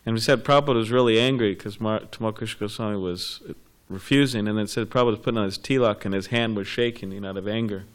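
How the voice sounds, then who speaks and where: A man's voice: on the low side, fairly even intonation, fast, hardly any pauses, clean tone. A man in a class, telling a story casually and rambling with fillers and restarts. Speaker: class participant.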